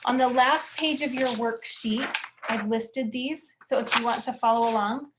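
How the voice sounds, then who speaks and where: A woman's voice: a little high, normal speed, background noise. A woman teaching a confidence workshop in an earnest, encouraging way, often asking the listener questions. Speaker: confidence coach.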